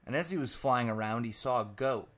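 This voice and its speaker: A man commentator telling a rambling, profane comic story with animated energy. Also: mid-range voice, brisk.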